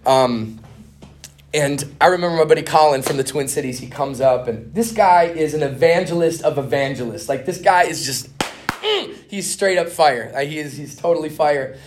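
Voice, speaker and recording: A middle-aged man teaching a conference class on evangelism, talking fast and animated, full of "man" and "dude.". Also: fairly high pitch, slight background noise. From Minnesota. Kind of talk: casual conference teaching with stories.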